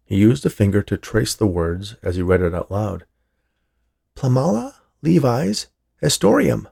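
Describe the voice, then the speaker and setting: Gravelly, husky male storyteller. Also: sits low, steady tone, warm tone. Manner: dry, measured storytelling. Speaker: narrator. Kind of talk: scripted narration.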